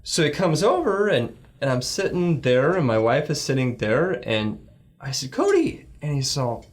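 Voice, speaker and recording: A man's voice: animated, normal speed. A middle-aged man, a guest on a church talk show, telling a heartfelt story with many restarts, lifting his voice when he quotes people. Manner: rambling, heartfelt, acts out quoted lines in a higher voice.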